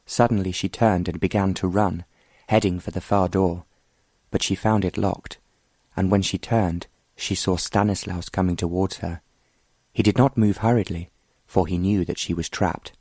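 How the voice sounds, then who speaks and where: Deep-voiced man narrating an audiobook. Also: steady tone, normal speed, darkish tone, dry recording. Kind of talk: scripted narration of a romance novel.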